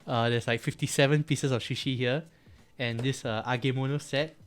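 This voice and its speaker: A man's voice: medium pitch, fairly even intonation, normal speed, clear, resonant tone, soft background music. A man co-hosting a casual podcast, chatting and laughing while showing off food for a mukbang. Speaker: podcast co-host.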